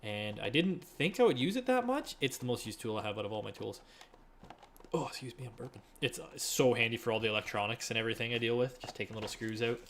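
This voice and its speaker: A man's voice: mid-range voice, quick pace, hardly any pauses, slight background noise. Chatty young man reselling online. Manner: relaxed, chatty, often trailing off quietly. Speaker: eBay reseller streaming his listings. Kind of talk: casual live-stream chat while working. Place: living room at home.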